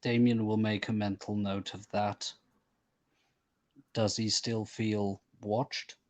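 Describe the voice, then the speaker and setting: Man, game player, slow, flat, lowish voice, calm. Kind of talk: tabletop role-play.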